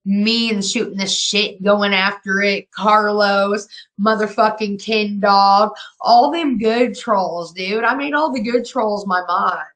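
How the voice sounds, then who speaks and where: A woman's voice: mid-range voice, slow pace, hardly any pauses, a bit bright, poor audio. A woman in her fifties runs a live stream and talks straight to her chat. She is brash and profane and taunts her viewers. She has been drinking as she talks. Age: 50s. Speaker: livestream host.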